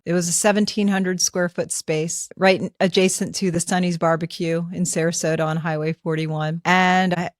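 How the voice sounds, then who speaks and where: A woman's voice: fairly low pitch, dry recording. Storytelling woman host in her fifties, dry sound. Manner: animated, conversational, acts out her own thoughts. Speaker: podcast host. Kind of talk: personal storytelling.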